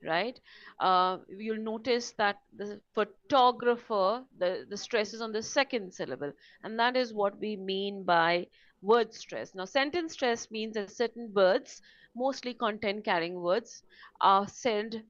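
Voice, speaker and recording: A woman's voice: medium pitch, no room sound, muffled recording. A woman teacher giving a live online lesson on pronunciation, explaining step by step and often checking in with "right?". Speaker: test prep teacher.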